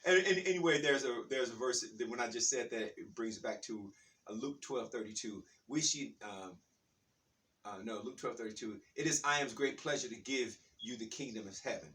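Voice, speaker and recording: A man telling a rambling, animated story in a casual spiritual talk, with many restarts. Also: mid-range voice, normal speed, recorded from a distance, slight background noise.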